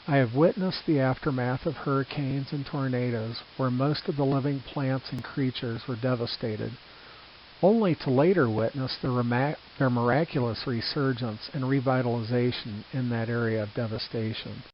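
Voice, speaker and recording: An older man reading his own reflective book aloud, earnest and measured, with small restarts. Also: medium pitch. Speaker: author narrating his book. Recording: slightly dull with faint hiss.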